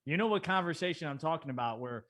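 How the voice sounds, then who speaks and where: A man's voice: fairly high pitch, lively intonation, fast, a bit bright. Chatty, teasing man co-hosting. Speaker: guest co-host. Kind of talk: casual podcast interview.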